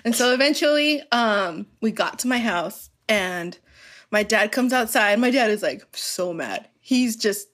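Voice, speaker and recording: A young woman chatting on a podcast, her voice sitting high and leaping around in pitch as she tells her story. She laughs often, swears casually and leans on "like" between phrases. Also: animated, unhurried, a bit bright. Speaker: podcast guest.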